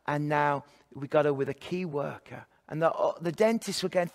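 High-voiced man preaching earnestly. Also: normal speed, hardly any pauses, long reverb tail. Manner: earnest storytelling with repeated listing phrases. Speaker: pastor and evangelist. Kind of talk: sermon.

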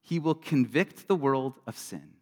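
A man's voice: mid-range voice, expressive, unhurried. Earnest preaching man in a reverberant hall. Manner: earnest, conversational preaching with sudden loud bursts and quiet drops. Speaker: pastor. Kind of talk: sermon. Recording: long reverb of a large hall.

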